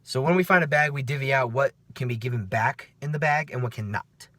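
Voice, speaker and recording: A night-shift security guard tells stories in a casual after-work vlog, his dry male voice medium in pitch, fairly quick and a bit bright, with no echo. He's chatty and profane, forever checking in with "okay?" and "right?"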